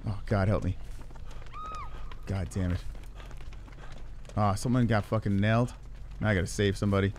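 A man's voice: fairly low pitch, fairly even intonation, moderate pace, long pauses, darkish tone, a little hiss or hum. A man streaming a horror game live from his home computer, cursing often, startling easily and mocking his own play. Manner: swears a lot, jumpy, self-mocking. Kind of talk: live gameplay commentary. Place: home room with gaming computer.

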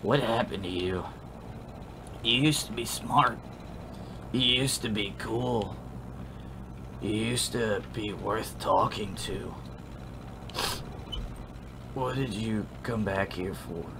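A man's voice: fairly low pitch, takes it slowly, pauses often, noisy background. A man voicing a resentful young female crocodile in a video game, speaking with cutting scorn. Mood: scornful.

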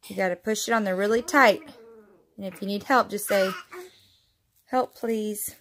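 A woman's voice: mid-range voice, moderate pace, a bit bright, a little hiss or hum. A young woman chatting casually in a family vlog, upbeat and sing-song when she talks to her kids. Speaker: family vlogger and mother.

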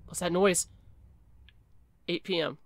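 A woman giving chatty, excitable commentary while playing a horror game and reading its text aloud. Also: lowish voice, slow pace. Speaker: gaming video creator.

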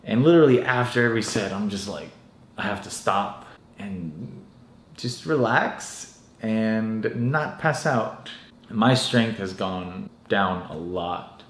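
A young man vlogging about fitness, deadpan and self-mocking with casual swearing, sounding drained and lightheaded from dieting. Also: lowish voice, takes it slowly, a little hiss or hum. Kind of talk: casual vlog talk. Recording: echoey room.

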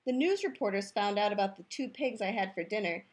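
A woman's voice: mid-range voice, lively intonation, fairly quick, husky. A woman playfully reading a picture book aloud, telling the story in first person as the wolf, in a youth room.

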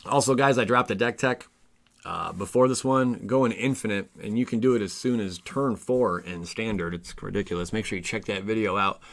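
Excitable gravelly-voiced man reviewing cards. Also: lowish voice, brisk. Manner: excitable, reads card text aloud, stumbles over words. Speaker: card game channel host. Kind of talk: casual spoiler review.

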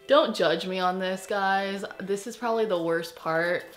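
A young woman vlogging casually in front of a mirror, excitable and gushing, often gasping and exclaiming. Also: medium pitch, a little slow. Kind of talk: casual vlog chat. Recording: roomy echo with faint background music.

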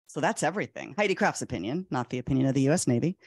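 A woman speaking as a panel guest, earnest and animated, telling a story with quick restarts. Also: rumbling low, breathy edge, dry recording, studio quality. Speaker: clinical psychologist speaker. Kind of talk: conversational panel talk.

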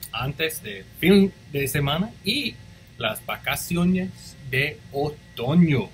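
A man reading a picture book aloud for school morning announcements, expressive and switching between English and Spanish. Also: mid-range voice, a little hiss or hum, poor audio. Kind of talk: read-aloud storytelling.

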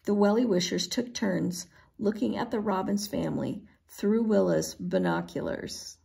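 A woman reading a children's storybook aloud in a gentle way, often dropping into a whisper. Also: mid-range voice, big pitch swings, unhurried, vocal fry. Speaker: storybook reader.

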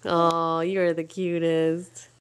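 A young mother filming her baby at home, coaxing him along in high sing-song baby talk. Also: flat delivery, very slow, slight background noise.

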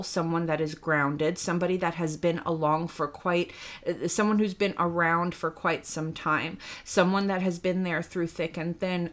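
A woman giving a tarot reading for viewers, earnest and a little out of breath, often calling the listener by star sign and checking in with "okay?". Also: fairly low pitch. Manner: earnest, addresses the listener by star sign, asks rhetorical questions ending in "okay?". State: slightly out of breath. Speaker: tarot reader.

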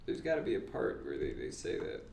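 A man co-hosting a casual comedy podcast, tossing out deadpan asides. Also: very deep voice, a little fast, vocal fry. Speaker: podcast co-host. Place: public library room. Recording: echoey room, faint noise.

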